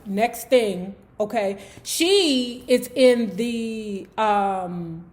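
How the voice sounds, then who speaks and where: A woman's voice: medium pitch, very slow, hardly any pauses, a little mellow. A woman hosting a book club, retelling a memoir in a chatty, sassy way with asides to her viewers. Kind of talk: casual storytelling book commentary.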